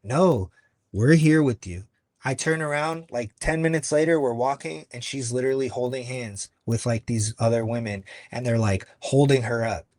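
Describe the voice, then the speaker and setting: A man guest on a podcast, telling a story earnestly and acting out other people's lines with sudden jumps in pitch. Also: moderate pace, a little mellow, dry recording. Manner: earnest, acts out quoted voices with big pitch jumps. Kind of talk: conversational storytelling.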